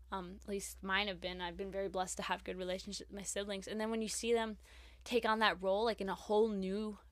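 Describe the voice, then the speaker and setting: A young woman chats on her faith podcast in a bubbly, effusive way, full of "like"s and warm gushing praise. Her voice sits at a middling pitch. The sound is close and dry. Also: no echo. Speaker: podcast host. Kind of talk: casual faith podcast chat.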